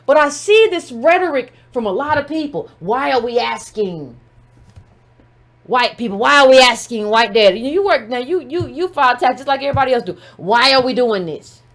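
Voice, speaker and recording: A woman with a high voice hosts a live commentary stream. She talks emphatically, throws pointed rhetorical questions at the person she is discussing, and turns often to address her viewers directly. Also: a bit bright. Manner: speaks directly to her audience. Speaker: political commentator. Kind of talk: livestream commentary.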